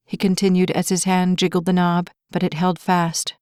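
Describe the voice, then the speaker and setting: A woman narrating a romance novel as an audiobook, telling the story in an even, clear way. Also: lowish voice, normal speed, no echo, clean studio sound.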